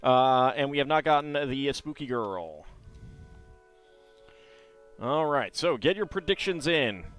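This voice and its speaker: A man's voice: medium pitch, lively intonation, unhurried, pauses often, fairly bright tone, smooth, soft background music. A man streaming live, thinking aloud in hesitant, rambling commentary.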